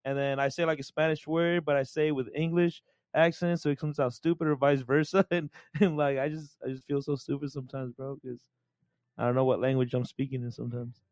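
A man co-hosting a podcast in casual chat, high and laughing a lot, calling everyone bro and dog. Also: little pitch movement, brisk, darkish tone, no room sound. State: high from smoking. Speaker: podcast co-host. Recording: dull dry lo-fi sound.

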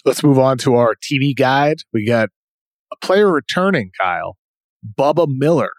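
A man with a New England accent hosting a basketball podcast, giving quick, informal rundowns of players. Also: medium pitch, expressive, dry recording. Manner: brisk, informal, rundown style. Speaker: podcast host. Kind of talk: casual basketball chat.

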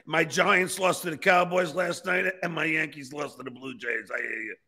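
A man's voice: on the high side, fairly even intonation, normal speed, sharp tone. A man hosting a casual chat who laughs easily and asks short questions. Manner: laughs easily, brief reactions. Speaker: host.

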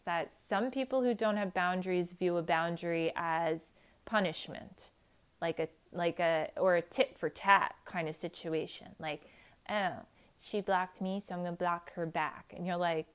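A woman's voice: lowish voice, clear, resonant tone. A woman giving a candid personal monologue, blunt and emphatic, swearing casually and acting out quotes as she tells stories. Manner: animated storytelling with acted-out quotes.

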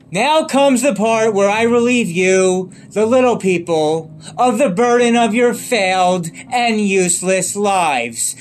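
A man's voice: high voice, a little hiss or hum. A man doing an impression of a madcap male clown villain from a film, with a showy, mocking, sing-song delivery.

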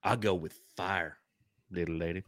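Man doing a lazy drawling cowboy, mock Southern twang, bright and dry. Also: deep voice, fairly even intonation, moderate pace, no room sound, voice pushed down. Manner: lazy drawl, says "partner" and "little lady".

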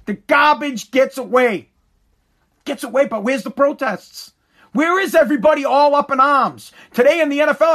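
A man in an angry, profane rant to camera, swearing, repeating himself and sometimes shouting. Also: very high-pitched. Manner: heated, swearing, repeats words, shouts at times.

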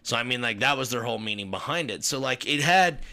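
Podcast co-host, male, very bright tone, rambling and profane. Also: mid-range voice, expressive, fast talker. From German heritage. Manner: rambling, profane, laughs at own jokes. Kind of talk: casual chat.

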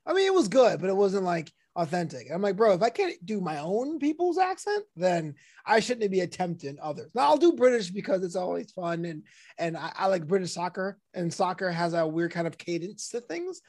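High-voiced man joking on a podcast. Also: expressive, brisk, a little mellow. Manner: laughs often, playful and teasing. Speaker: podcast host. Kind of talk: casual comedy podcast chat.

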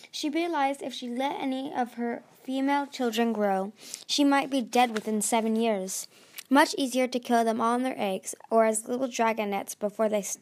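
A woman's voice: a little high, a little mellow, natural voice. A woman voicing a sarcastic young female dragon with cutting remarks in a storybook reading.

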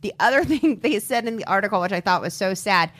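A woman's voice: mid-range voice, animated, fast, fairly bright tone. A woman co-hosting a podcast, chatting casually with many "like"s and frequent laughs. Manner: chatty, laughs often, heavy use of "like". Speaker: podcast co-host. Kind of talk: casual true-crime podcast chat.

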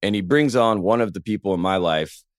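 Young male podcast co-host, low voice, dry close mic, excitable rambling storyteller. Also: brisk, dry recording. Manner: animated, rambling storyteller with many restarts. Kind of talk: casual sports chat.

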